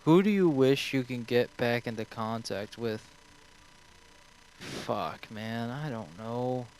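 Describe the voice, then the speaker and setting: A man's voice: medium pitch, slow, darkish tone, slight background noise, low-quality recording. A young man streaming, answering viewer questions in a rambling, offhand way full of swearing. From United States.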